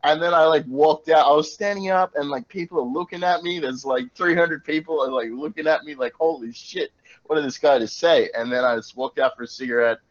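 A man's voice: a little high, fast, few pauses. Profane man telling a story. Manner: profane, animated storytelling with bursts of shouting. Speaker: podcast panelist. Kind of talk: casual storytelling. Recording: dull lo-fi podcast audio.

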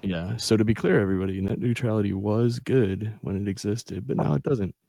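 A man's voice: fairly low pitch, fairly quick, creaky, warm tone, no echo. A man chatting casually on a podcast, swearing and laughing easily.

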